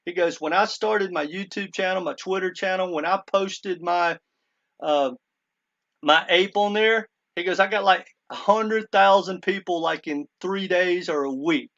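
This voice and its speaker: High-pitched, unhurried and a bit bright, this man's voice comes through a muffled recording. A crypto commentator, he chats casually and earnestly with viewers, retelling a story full of "he goes" quotes and calling them "guys" again and again.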